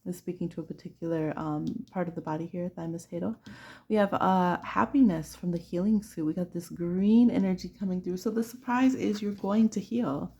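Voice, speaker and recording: A woman's voice: lowish voice, fairly quick, warm tone, slightly rough. A woman giving a chatty pick-a-card tarot reading who laughs often and acts out little voices. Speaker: tarot reader.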